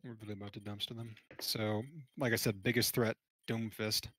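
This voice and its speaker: A man's voice: lowish voice, level tone, normal speed, bright, forceful tone, no room sound. A man talking in gaming voice chat on a headset, calling his team's strategy and making silly noises in between. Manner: chatty, calls strategy, makes silly noises. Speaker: team shotcaller.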